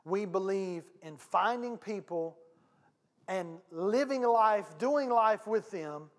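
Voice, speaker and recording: High-voiced pastor preaching. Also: male voice, slow. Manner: animated, conversational, folksy with asides to the congregation. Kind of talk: storytelling sermon. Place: church sanctuary. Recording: long hall reverb.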